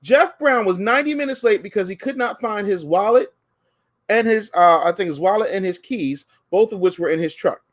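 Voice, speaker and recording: Profane, animated male comedy co-host. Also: high-pitched, a little fast. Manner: profane, animated rants with quoted voices. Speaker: podcast co-host. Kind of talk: casual comedic chat.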